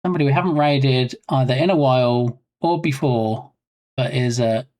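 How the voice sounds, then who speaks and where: A man's voice: medium pitch, moderate pace, darkish tone. A man chatting casually on a live game development stream, rambling and self-mocking.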